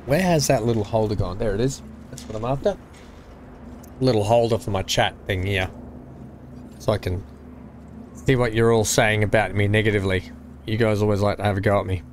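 A man's voice: on the low side, a little fast, long pauses, slight background noise. A man chatting casually on a live game stream, greeting viewers by name and poking fun at himself. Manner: chatty, self-deprecating, talks to chat by name. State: coughing, something in throat. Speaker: gaming streamer.

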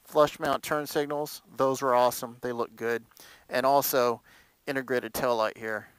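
Casual male motorcycle vlogger with a smooth, dry voice who rambles with fillers. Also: mid-range voice, normal speed, no echo, poor audio. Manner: animated storytelling. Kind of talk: casual chat.

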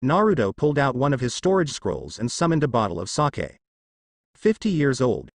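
A man narrating a fan story aloud in a steady storytelling manner, close to the mic. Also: medium pitch, fairly quick, dry recording.

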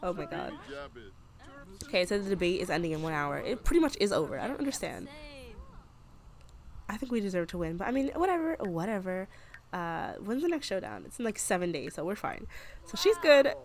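A young woman casually commentating a life-simulation game, chatty and excitable. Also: on the low side, brisk, long pauses. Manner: chatty, excitable, with frequent gasps and laughs. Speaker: gaming video creator. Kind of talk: casual let's-play commentary.

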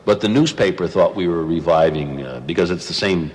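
A man's voice: low-pitched, brisk, long reverb tail. A man, a former radio host turned actor, chatting on air in a radio studio and telling joking stories with frequent laughs. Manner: animated, joking, laughs often. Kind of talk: casual studio chat, storytelling.

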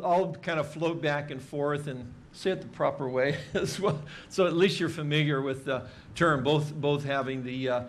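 A man teaching a Bible passage in a relaxed, chatty sermon style, with many fillers and dry jokes. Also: fairly high pitch, slight background noise. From Hawaii. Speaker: pastor teaching a Bible study.

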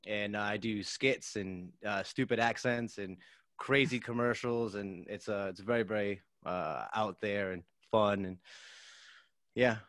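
A young man guesting on a podcast from a home studio with a sound panel, upbeat, energetic and quick to laugh. His tone is bright and forceful, and the sound is dry and close. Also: on the low side, no room sound. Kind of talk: casual chat.

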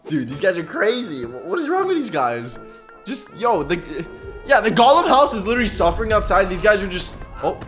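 A man giving casual reaction commentary on a cartoon, excitable and slangy, laughing often. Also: high voice, brisk, faint music behind.

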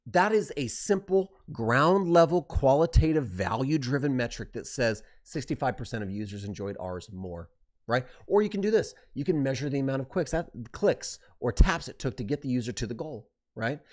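A man teaching design on a live stream, talking fast and excitedly, driving points home with rhetorical questions. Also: a little high.

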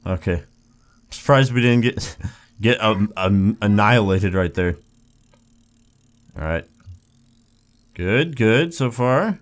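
A man's voice: sits low, measured pace, pauses often. A young man casually commenting on a video game as he plays, yelping and laughing at the mishaps and cracking wry jokes. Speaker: gaming YouTuber. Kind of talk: casual let's play commentary.

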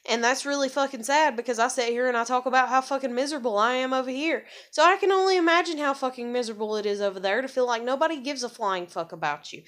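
An American woman rants to her audience, her slightly high voice full of swearing and irritation. She rambles, circles back, and her pitch leaps when she gets heated and close to tears. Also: fast, hardly any pauses, a bit bright. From USA. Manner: angry, profane and rambling. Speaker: vlogger. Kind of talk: ranting monologue.

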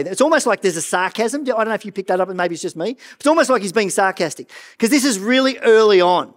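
A middle-aged man preaching a sermon as pastor of a church, earnest and animated, often stumbling and repeating words. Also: sits high, fast, few pauses.

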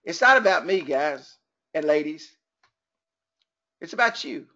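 A man's voice: fairly high pitch, animated, measured pace, sharp tone, muffled recording. A man from Texas with a Texan accent running a motivational business training webinar, folksy and upbeat, joking and chatting with attendees.

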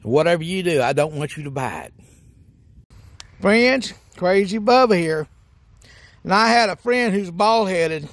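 His voice sits high and expressive, a little slow, with frequent pauses, on a dry recording. The speaker, a comedy sketch character host, performs a monologue as a goofy rural hillbilly, drawling folksily and breaking into whoops, hoots and cackles.

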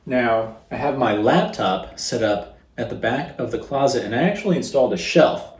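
Man explaining calmly in an echoey closet. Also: mid-range voice, normal speed. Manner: calm, explanatory, demonstrating as he goes. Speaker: teacher demonstrating recording. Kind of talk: instructional tutorial. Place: closet set up as a recording booth. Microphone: studio microphone.

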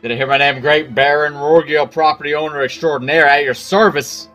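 A man's voice: fairly high pitch, steady tone, a little fast, bright, forceful tone, soft background music, pitched above the performer's own voice. A man voicing a pompous wealthy male bird baron with a grand, showy delivery.

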